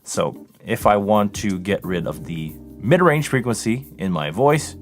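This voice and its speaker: A man's voice: fairly low pitch, very animated, a little slow, soft background music. A man from Montreal, hosting a live Q&A stream and explaining sound settings as he adjusts them, speaking close into a vocal microphone. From Montreal, Canada. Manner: hands-on, explanatory, talks while adjusting settings. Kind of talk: live-stream tech demo and Q&A. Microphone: close vocal microphone running through a mixing console.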